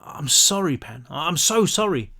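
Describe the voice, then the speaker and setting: A man voicing a gruff, scarred soldier in a storybook reading, halting and apologetic. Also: fairly high pitch, very animated, bright, forceful tone, exaggerated voice. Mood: remorseful.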